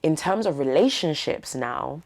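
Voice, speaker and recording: Young woman, low voice with lots of fry, talking straight from the heart, bit of slang. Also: lively intonation, measured pace. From East London. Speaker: podcast guest. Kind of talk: candid interview talk.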